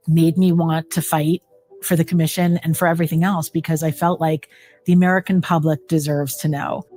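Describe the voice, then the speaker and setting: Flat-voiced woman giving halting testimony. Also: sits low, faint music behind. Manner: halting, with many fillers and restarts. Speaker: interviewee, widow of a victim. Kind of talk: documentary interview testimony.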